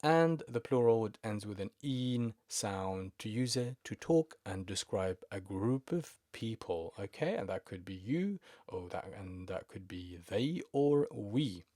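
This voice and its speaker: A man with a Levantine Arabic accent teaching a language lesson, speaking slowly and patiently and repeating each word several times. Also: fairly low pitch, animated, mellow, no echo, studio quality.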